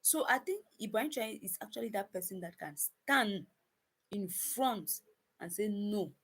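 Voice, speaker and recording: Woman, husky voice, emphatic casual commentary, repeats herself, talks to viewers. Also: mid-range voice, animated, moderate pace, fairly bright tone. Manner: emphatic, repeats phrases, addresses viewers as guys; frequent restarts and stumbles.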